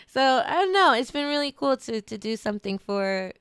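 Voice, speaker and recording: A woman with a fairly high, smooth voice, chatting emotionally and rambling to her viewers during a stream. She is on the edge of tears and talks into a close mic with a dry sound. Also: a bit bright, no room sound. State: near tears. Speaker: streamer hosting a charity stream. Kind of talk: casual chat.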